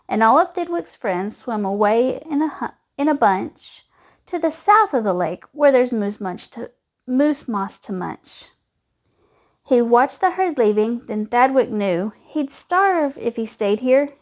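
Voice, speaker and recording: A woman reading a children's storybook aloud in a lively, expressive way. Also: fairly high pitch, a little slow. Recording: dull lo-fi recording.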